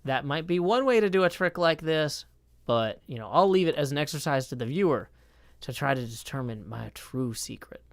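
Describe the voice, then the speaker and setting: Wearing a mask that muffles his voice, a man streams a game and chats casually at normal speed. His voice sits on the high side with lively intonation, and he rambles playfully with jokey asides.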